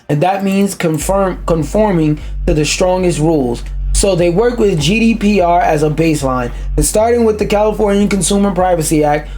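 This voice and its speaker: A man's voice: sits high, darkish tone. Profane ranting young man streamer. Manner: profane, ranting, interrupts reading to complain. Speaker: streamer reading an article aloud. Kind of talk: casual reaction commentary.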